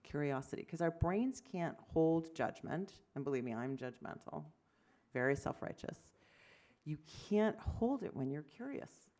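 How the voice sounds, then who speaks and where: A woman in her fifties, a physician giving an award lecture, telling animated stories, acting out conversations and making self-deprecating asides. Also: low voice, unhurried. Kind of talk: lecture to medical audience.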